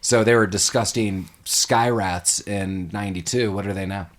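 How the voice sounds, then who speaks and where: Male podcast host, casual movie chat, animated, slips into quoted voices. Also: fairly low pitch, moderate pace.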